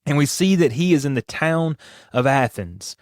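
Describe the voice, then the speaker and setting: A man's voice: on the high side, lively intonation, moderate pace, dry recording, clean studio sound. A man hosting a devotional podcast, teaching in an earnest, emphatic way and putting rhetorical questions to his listeners. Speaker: podcast host and Bible teacher.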